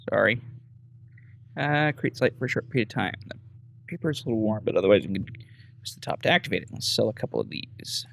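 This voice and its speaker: A man narrating his own gameplay in a loose, casual way, muttering through menus and reading item names aloud. His voice has a gravelly edge and swings widely in pitch, at an ordinary male register. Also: slight background noise. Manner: casual, reads menu text aloud, muttering asides. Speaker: gameplay host. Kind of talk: casual let's-play commentary.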